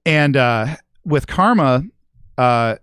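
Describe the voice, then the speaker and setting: A middle-aged man tells a rambling, profanity-laden story into a close studio mic. His voice has a smooth, resonant tone at a mid pitch. The room sound is dry and tight. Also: animated, takes it slowly, fairly bright tone, no room sound. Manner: profane, rambling, swears constantly. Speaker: guest musician and regular. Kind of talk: casual podcast storytelling.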